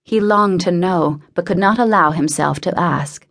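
A woman narrates a novel in a measured, intimate tone. Her voice sits slightly low. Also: fairly bright tone. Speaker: audiobook narrator. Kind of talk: scripted narration.

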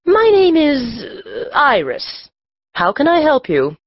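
An actress voicing a mysterious adult shopkeeper in a full-cast audiobook, with a dry, husky voice and a slow, secretive, enticing way of talking. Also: female voice, high-pitched, wildly swooping pitch, dry recording, highs cut off, heavily acted. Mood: welcoming. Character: mysterious adult woman magic shopkeeper, cryptic and intense.

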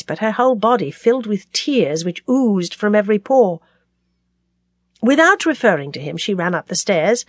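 A woman narrating a novel as an audiobook, telling it in an expressive, dramatic way. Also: medium pitch, no room sound, studio quality.

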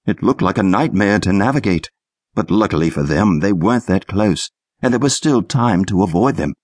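Husky, lively male audiobook narrator. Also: lowish voice, normal speed, no room sound, studio quality. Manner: lively, expressive storytelling. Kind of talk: scripted narration for children.

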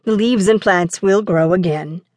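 A woman voicing a cautious, responsible boy prince who looks out for his younger brother and talks in a steady, reasoning way. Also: on the low side, unhurried, no echo, clean studio sound, natural voice.

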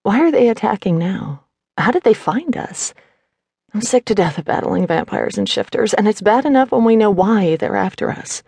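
A woman's voice: mid-range voice, animated, moderate pace, darkish tone, slightly rough, no echo, voice pushed up. A woman voicing a fiery, defiant young rebel woman in an audiobook, speaking raised and emphatic. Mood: exasperated.

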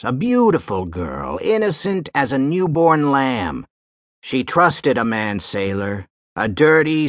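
Man voicing a cringing, scared man pleading low and breathless, lively pitch. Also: dry recording, clean studio sound. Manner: gasping and begging.

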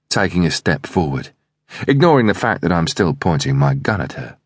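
A man narrating an audiobook thriller in the first person, reading in a measured, steady way. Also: extremely low pitch, slightly rough, dry recording, studio quality.

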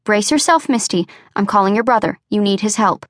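A woman reading an audiobook, voicing a calm young midwife in her twenties who speaks in a firm, level, practical way. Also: mid-range voice, fairly quick, no room sound, clean studio sound, natural voice. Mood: steady. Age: 20s. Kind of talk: audiobook character voice.

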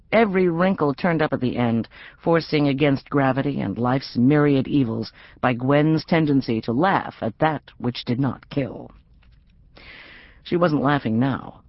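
A middle-aged woman narrating an audiobook in an expressive, wry reading. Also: very deep voice, slightly rough, no echo, muffled recording. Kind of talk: scripted narration.

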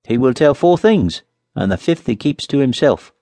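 A man's voice: mid-range voice, sing-song, normal speed, warm tone, no echo, voice pushed up. A man playing a sly little farmer. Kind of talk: audiobook character voice.

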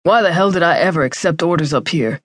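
A woman's voice: lowish voice, quick pace, dry recording, lightly acted. A grumbling male rescue crewman, as a woman narrator puts him on, grouses steadily. The read is dry and intimate, in an audiobook manner. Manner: complaining, grousing.

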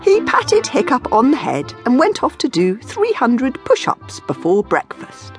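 A woman reading her own children's book aloud, with a playful, expressive delivery and whispered asides. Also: high voice, a little slow, hardly any pauses, faint music behind. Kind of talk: expressive storybook narration.

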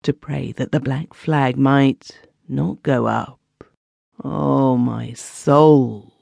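A man gives voice to a guilt-ridden juror who speaks quietly and with a tremor. His voice drops lower and slower than the narration, with a gravelly roughness. A close, dry audiobook recording. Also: fairly even intonation, dry recording, heavily acted. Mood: hushed. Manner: quiet, slow, trembling. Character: shaken, guilt-ridden older juror Butters. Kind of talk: audiobook character voice.

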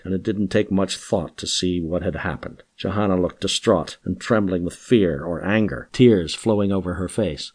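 In scripted audiobook narration, a deep-voiced man tells the story with expressive, carefully measured delivery.

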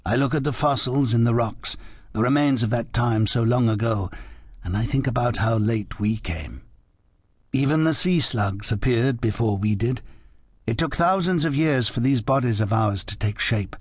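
A male narrator voicing a mysterious, wistful French woman, speaking slowly and in hushed tones. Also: medium pitch, husky, no echo, clean studio sound. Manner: slow, hushed, musing speech. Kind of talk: audiobook character reading.

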